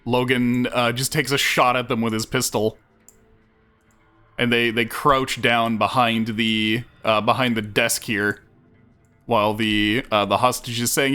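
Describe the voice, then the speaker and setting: A man narrates a tabletop game as its game master, with a bright, forceful tone. He talks in halting bursts full of fillers and restarts. Faint music plays under his headset voice. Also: mid-range voice, level tone, smooth. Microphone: headphones headset.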